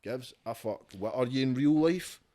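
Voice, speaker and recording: A Scottish rapper guests on a casual podcast from his home, his mid-range, dark-toned voice moving at a moderate pace. He rants bluntly and profanely, swearing a lot.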